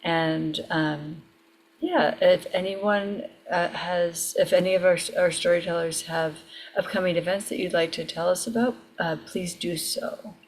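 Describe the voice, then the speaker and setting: A woman hosting an online storytelling event over a video call, gentle and appreciative. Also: fairly low pitch, steady tone, measured pace, slight background noise. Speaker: event host.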